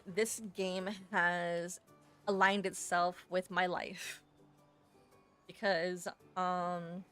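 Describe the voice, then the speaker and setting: A woman streamer chatting casually and reading a game letter aloud, haltingly, correcting herself and laughing often. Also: mid-range voice, fairly bright tone, clear, resonant tone.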